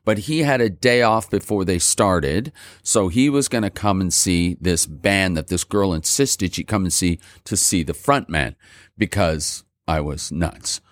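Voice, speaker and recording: A man from Montreal, a musician guest, telling his story in a lively, self-mocking way. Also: sits low, no room sound, studio quality. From Montreal, Canada. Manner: animated, self-mocking, acts out voices. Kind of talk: casual storytelling.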